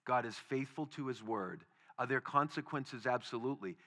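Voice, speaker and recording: A man preaching a sermon, emphatic, rising to loud stresses and then dropping quiet. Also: mid-range voice, normal speed. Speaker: pastor.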